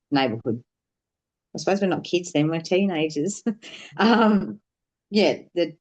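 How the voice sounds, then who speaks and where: Frank woman, lowish voice. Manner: frank, swears freely, rambling with fillers. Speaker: podcast guest. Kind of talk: candid storytelling conversation.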